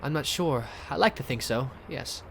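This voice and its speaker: A man voicing a lonely, warm-hearted older male innkeeper in a video game, with a put-on foreign accent and a halting, earnest delivery. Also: mid-range voice, gravelly, a little hiss or hum, close to an everyday voice. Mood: wistful.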